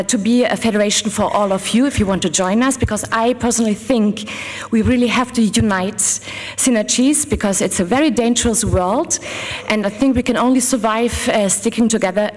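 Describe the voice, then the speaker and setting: A woman's voice: a little high, brisk, long reverb tail. A woman with a German accent giving a talk at a conference as a lawyer. She speaks casually to the audience, laughs easily and sometimes searches for words. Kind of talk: public talk at a forum.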